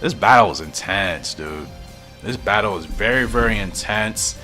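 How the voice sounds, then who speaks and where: Man, casual comic commentary, musing, thinking aloud, lively pitch, faint music. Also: normal speed.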